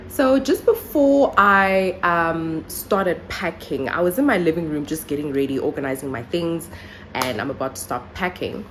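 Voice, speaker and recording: Chatty young woman with a low voice. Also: slight background noise. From South Africa. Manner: chatty, animated storytelling with many fillers. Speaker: vlogger. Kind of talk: casual vlog chat and storytelling.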